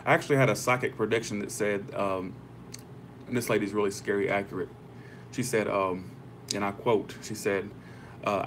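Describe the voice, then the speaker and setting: A man's voice: lowish voice, fairly even intonation, normal speed, pauses often, a bit bright, slight background noise. A young man hosting a tarot livestream, chatting casually with viewers, rambling and swearing freely.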